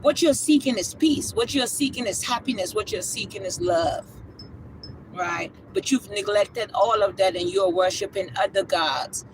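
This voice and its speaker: A livestream spiritual speaker preaches with fervor, hammering each point through repetition and a tag question. The voice sits at a middling pitch and now and then breaks into a shout. Clear background noise and passing vehicle sounds run under the speech. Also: moderate pace.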